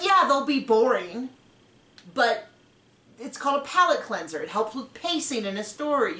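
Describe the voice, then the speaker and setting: A woman's voice: a little high, a bit bright, roomy sound. A woman hosting a casual TV recap chat, rambling with frequent restarts and fillers. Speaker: TV recap host.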